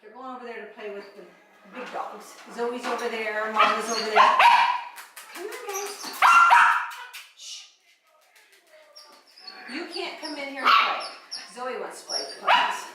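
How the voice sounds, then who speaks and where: A woman's voice: moderate pace, pauses often. A woman breeder talking baby talk to a litter of puppies, coaxing and sing-song, her voice swooping up as she calls them. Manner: coaxing, sing-song, pitch swooping up when calling the dogs. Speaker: dog breeder showing a litter. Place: indoors with puppies and dogs. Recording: echoey room from a distance, loud noise.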